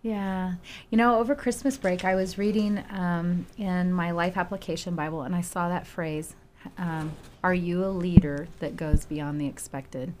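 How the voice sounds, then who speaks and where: Animated woman telling a story, low voice. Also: normal speed, noisy background. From Houston, Texas. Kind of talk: storytelling in casual chat.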